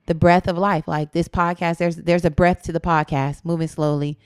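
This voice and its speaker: A woman's voice: on the low side, little pitch movement, normal speed, clean tone, dry recording, clean studio sound. A woman co-hosting a podcast in casual chat, candid and reflective, swearing freely and often quoting her own thoughts aloud. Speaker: podcast co-host.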